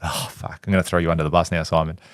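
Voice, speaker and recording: A man's voice: low voice, little pitch movement, very fast, dry recording, studio quality. A man, co-hosting a podcast in casual chat, a blunt storyteller who swears and acts out what people said. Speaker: podcast co-host.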